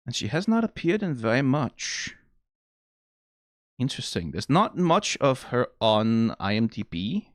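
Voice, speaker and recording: A man's voice: medium pitch, no echo, clean studio sound. A man with a Danish accent giving casual, rambling reaction commentary, swearing freely and saying "like" often. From Denmark. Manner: rambling and profane, lots of "like". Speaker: reaction video host.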